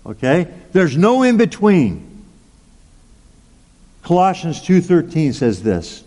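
Slow-talking preacher in a big reverberant hall. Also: male voice, fairly high pitch, wildly swooping pitch, dark tone. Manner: storytelling, chatty, with asides and frequent "okay?" and "right?". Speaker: pastor. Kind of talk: sermon with personal story. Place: large church hall.

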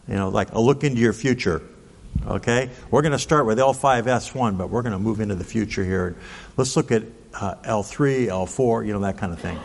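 Older male pastor, sixties, mid-pitched voice, folksy anecdotal sermon, long hall reverb. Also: fairly quick, creaky. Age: 60s. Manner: folksy, anecdotal, with many "right?" and "okay?" asides. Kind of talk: sermon storytelling.

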